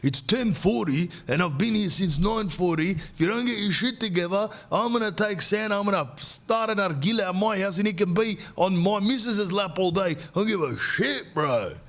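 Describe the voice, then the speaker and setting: Man putting on a furious queue-jumper type, raised pitch, ranting in slang, ready to blow up. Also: lively intonation, normal speed, few pauses, a bit bright. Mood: irate. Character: irate middle-aged male customer, loud and impatient.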